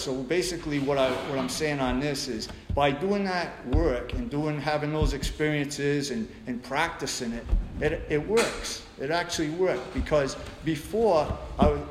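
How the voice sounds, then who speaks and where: A middle-aged man telling his recovery story at a meeting, blunt and profane, with many restarts. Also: a little high. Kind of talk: personal recovery share. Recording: echoey room with background noise.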